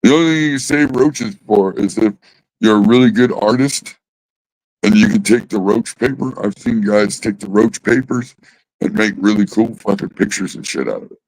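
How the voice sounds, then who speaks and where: A middle-aged man with a low voice talks to his stream in a loose, rambling way, dropping profanity into nearly every sentence. The sound is dry and close, with no room echo around it. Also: moderate pace, a little mellow. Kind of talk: casual chat.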